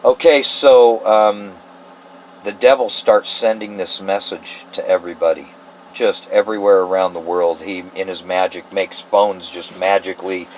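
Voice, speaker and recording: A man from Eastern Washington pitching a story idea in a rambling, earnest, often emotional way, laughing between thoughts. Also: steady tone, unhurried, a little hiss or hum, low-quality recording. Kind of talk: casual spoken story pitch.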